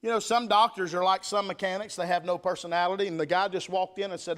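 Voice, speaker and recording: Preacher guy, pretty high voice, punchy revival sermon in church. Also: fairly even intonation, fast, hardly any pauses, fairly bright tone. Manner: emphatic, call-and-response preaching. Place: church sanctuary.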